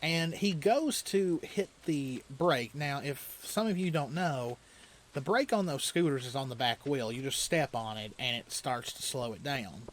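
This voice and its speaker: A man's voice: medium pitch, unhurried, a little hiss or hum. A man hosting a let's play, casually telling a long story while he plays a video game, often chuckling and rambling with restarts. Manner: loose, rambling delivery with restarts.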